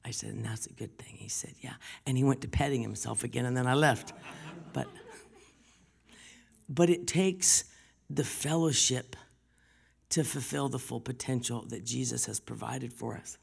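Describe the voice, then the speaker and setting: A woman delivers a sermon full of personal testimony. Her voice is gravelly and husky, and it often falls to a hushed whisper as she tells her stories. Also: very deep voice, a little slow, long pauses. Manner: storytelling, often dropping to a whisper. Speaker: preacher.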